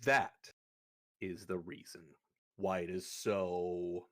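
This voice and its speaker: A man's voice: low-pitched, level tone, slow. A young man running a tabletop game, recapping the session in a casual, rambling, profane way. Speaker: game master. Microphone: streaming setup.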